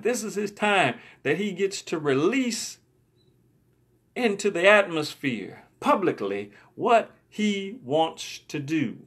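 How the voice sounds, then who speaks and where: Gravelly-voiced man preaching a sermon. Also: on the high side, a bit bright. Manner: emphatic, repeats words. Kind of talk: sermon storytelling.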